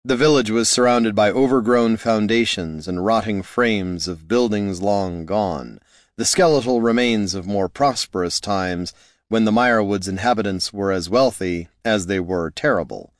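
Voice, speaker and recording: A man narrating a fantasy novel in a steady, measured way. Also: fairly low pitch, dry recording, studio quality. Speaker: audiobook narrator.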